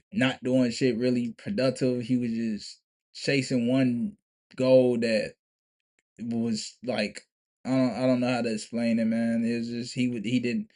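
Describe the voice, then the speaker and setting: A young male vlogger tells a story to camera in a medium-pitched, warm voice. He's casual, profane, and emphatic, frequently restarting and repeating himself.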